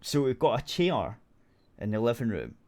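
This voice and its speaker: A man's voice: mid-range voice, sing-song, moderate pace, a little mellow. A Scottish man hosting a radio show, rambling through a story in casual chat and swearing freely.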